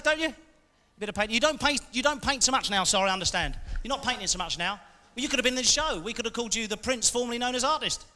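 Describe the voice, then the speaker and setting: A man performing a live stand-up routine on a large theatre stage, bantering cheekily with the audience. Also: high-pitched. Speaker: stand-up comedian. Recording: live theatre recording, echoey hall, loud crowd and noise. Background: audience laughing.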